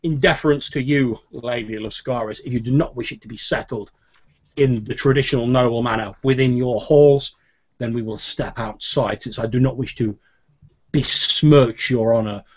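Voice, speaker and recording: A man's voice: medium pitch, moderate pace, lightly acted. A man voicing a proud, hot-tempered young male noble who speaks in a pompous, formal way. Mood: indignant. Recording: dull lo-fi recording.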